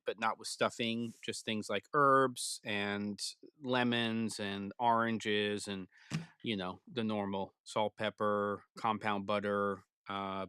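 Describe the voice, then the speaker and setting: Male live-stream host, loose and chatty, smooth voice, dry close mic. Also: lowish voice, no echo. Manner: relaxed and rambling, reading out chat comments. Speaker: YouTube channel host. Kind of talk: casual live stream chat. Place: barn.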